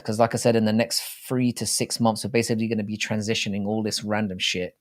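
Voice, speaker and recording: A man co-hosting a live stream, talking in a relaxed, casual way with small restarts. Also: lowish voice, quick pace. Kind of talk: casual chat.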